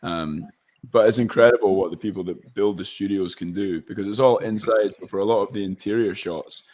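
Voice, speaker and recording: A young man from Scotland talks casually as a guest actor, with a slightly low voice. He rambles and restarts often, leaning on plenty of fillers. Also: a little fast, darkish tone. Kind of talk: casual interview chat.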